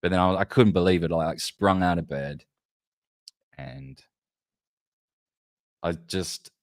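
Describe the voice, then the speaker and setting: A man's voice: low voice, takes it slowly, no echo, clean studio sound. A man hosting a casual livestream, rambling loosely and swearing as he chats with his viewers. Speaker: livestream host.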